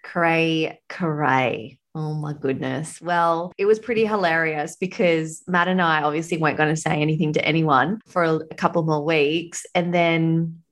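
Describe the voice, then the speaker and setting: A woman's voice: deep voice, fairly even intonation, measured pace, hardly any pauses. A woman co-hosting a casual chat, talking in a friendly, chatty way that often breaks into laughter mid-sentence.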